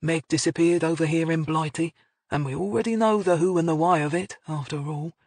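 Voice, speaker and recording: A narrator voicing an easygoing young male police sergeant who talks quickly and offhandedly. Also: a little high, fairly even intonation, a little mellow, no room sound. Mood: offhand.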